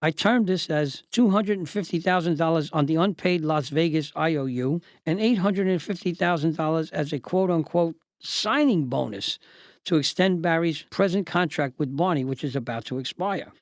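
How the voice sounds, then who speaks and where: An older man hosting and narrating a memoir story in a measured, deliberate, lawyerly way. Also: fairly high pitch, dry recording. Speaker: host and narrator.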